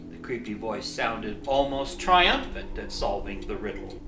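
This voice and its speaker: A narrator reading a children's storybook aloud in an expressive, lively storytelling manner. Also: mid-range voice, moderate pace, hardly any pauses, roomy sound, soft background music.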